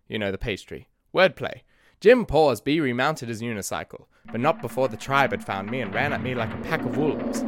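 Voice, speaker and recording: A man narrates a comic mock-epic adventure, swinging between grand old-fashioned flourishes and deadpan asides. His voice sits in a middle pitch. Soft music plays faintly behind him. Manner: theatrical, mock-archaic, dry asides. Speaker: podcast host and storyteller.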